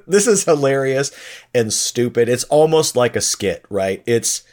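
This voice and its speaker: A man's voice: medium pitch, big pitch swings, slow, darkish tone. A man co-hosting a podcast, chatting casually about songs in a laid-back, chuckling way. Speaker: podcast co-host. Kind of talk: casual music review chat.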